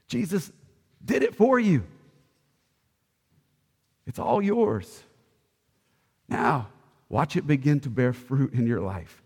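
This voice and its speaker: A man preaching a sermon, swinging between loud, ringing declarations and hushed, soft passages. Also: mid-range voice, very animated, takes it slowly, pauses often, husky, in a large hall. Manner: impassioned preaching, swelling loud then dropping soft. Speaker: pastor.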